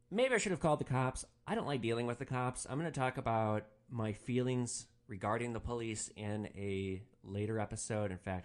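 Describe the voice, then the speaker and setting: A man hosting a podcast, telling a story about his rideshare driving in a casual, animated way and swearing freely. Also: fairly low pitch. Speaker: podcast host, rideshare driver.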